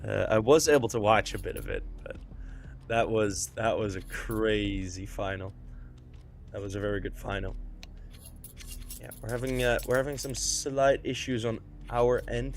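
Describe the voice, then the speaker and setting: A man casting an esports match live, chatting loosely with many fillers while waiting out a technical pause, still in his morning voice. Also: lowish voice. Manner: relaxed, filler-heavy chatter during a tech pause. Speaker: esports caster.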